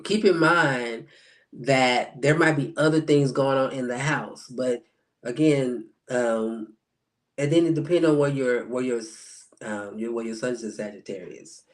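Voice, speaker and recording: A man's voice: mid-range voice, moderate pace. A man working as a spiritual life coach, talking casually about astrology on a live stream, answering viewers by name and acting out quoted reactions.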